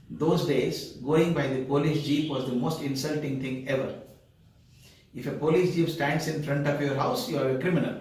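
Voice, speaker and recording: Older Indian man telling a story, echoey. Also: on the high side. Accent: Indian English. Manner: lively, acts out quoted voices. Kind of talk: spoken personal story. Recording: echoey room, far from the mic.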